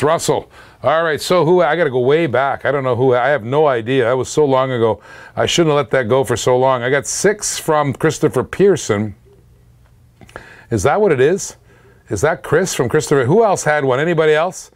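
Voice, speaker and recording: A man's voice: mid-range voice, normal speed. A middle-aged man hosting a live-stream auction, upbeat and chatty, hyping each lot and humming little scat tunes between bids. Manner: upbeat, hypes items, hums and scats between lots.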